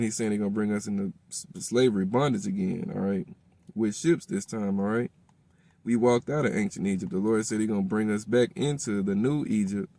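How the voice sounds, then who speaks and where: A man's voice: mid-range voice, darkish tone, no room sound. A man reading scripture aloud and explaining it, checking in with his listeners with "all right?" after nearly every phrase. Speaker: teacher of a religious group.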